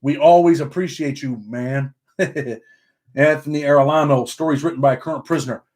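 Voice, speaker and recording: A man's voice: on the high side, moderate pace, darkish tone. Laid-back man with a Southern country twang. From upstate New York. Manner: ends sentences with "man". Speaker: livestream host reading chat. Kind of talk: casual livestream chat.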